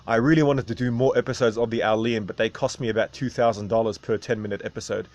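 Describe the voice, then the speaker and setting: A man talks straight to his viewers in a loose, casual monologue. He rambles, restarts his thoughts and keeps tagging his points with "right?". His voice sits at an ordinary middle pitch. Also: fairly even intonation, quick pace, hardly any pauses, darkish tone. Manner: rambling, tags sentences with "right?". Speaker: video host.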